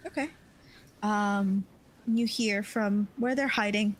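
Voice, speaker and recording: A woman running a tabletop game as game master, speaking slowly and unhurriedly. She hesitates often with fillers while describing scenes. Her pitch is an ordinary middle range.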